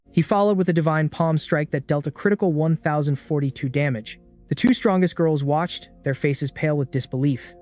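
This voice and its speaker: A man narrating a story recap in a brisk, dramatic scripted style. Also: a little high, a little mellow. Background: faint background music.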